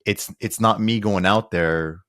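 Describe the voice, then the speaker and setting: Male co-host, very low voice, probing and repetitive, dry close mic. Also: a little slow, a bit bright, no room sound. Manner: probing, repeats his questions. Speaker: podcast co-host. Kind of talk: casual podcast chat.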